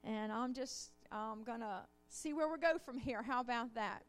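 Woman preacher, high voice, fired up, keeps asking the church to say amen. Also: moderate pace, soft background music. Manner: call-and-response, rising fervor. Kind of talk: sermon.

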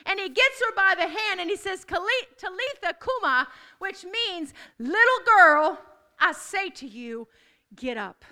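A woman's voice: extremely high pitch, animated, normal speed, bright, forceful tone. A woman preaching a sermon to a congregation, declaring with rising emphasis and repeated calls.

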